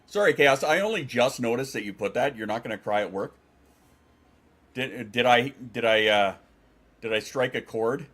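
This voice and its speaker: A man's voice: mid-range voice, expressive, normal speed, a bit bright. A man chatting casually on a livestream, reading chat aloud and replying in a rambling, profane way with frequent restarts. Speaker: streamer.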